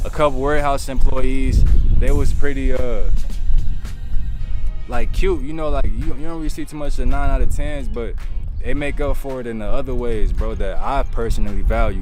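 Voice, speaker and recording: A man vlogging outdoors in the wind, talking in a laid-back, slangy way and tossing in "bro" and "man". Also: medium pitch. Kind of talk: casual talking-to-camera vlog. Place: outdoors, windy.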